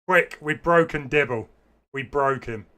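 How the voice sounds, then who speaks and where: A man's voice: fairly high pitch, a little slow, pushed and bright. A man livestreaming a video game, chatting casually and rambling to his viewers. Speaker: gaming livestreamer. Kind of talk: casual chat while streaming a game.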